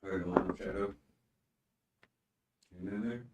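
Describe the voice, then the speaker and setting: Deep-voiced man joking in a roomy space. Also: steady tone. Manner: joking, quick banter. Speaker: player. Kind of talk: casual play at a game table. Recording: roomy echo, faint background noise.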